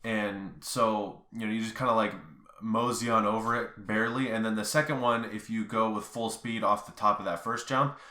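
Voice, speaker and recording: A man's voice: on the low side, steady tone, normal speed, pushed and bright. Rambling young man in an echoey room. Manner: rambling, loose storytelling with many fillers. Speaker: vlogger. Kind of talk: casual storytelling vlog.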